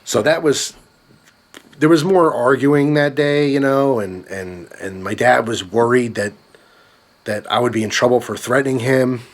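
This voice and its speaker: A man's voice: mid-range voice, unhurried. A young man telling a story in a vlog, swearing often and ranting with anger. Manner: profane, ranting. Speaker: vlogger.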